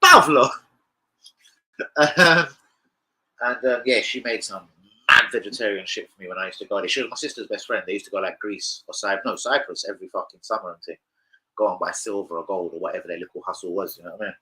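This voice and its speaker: Bright-voiced man, rambling and swearing. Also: low-pitched, quick pace, low-quality recording. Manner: rambling, swearing storyteller, full of slang. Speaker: football fan channel host. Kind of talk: casual live-stream chat.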